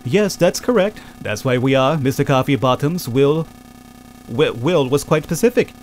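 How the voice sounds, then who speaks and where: A man's voice: medium pitch, expressive, normal speed, darkish tone, slight background noise, close to an everyday voice. A man voicing a polite, formal male butler in a game, with stiff, proper diction.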